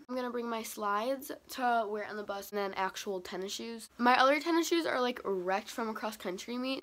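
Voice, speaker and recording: A teenage girl vlogging casually in her morning voice, chatty and self-deprecating, filming on a phone in her bedroom. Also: mid-range voice. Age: teen. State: groggy morning voice. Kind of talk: casual vlog. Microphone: phone camera.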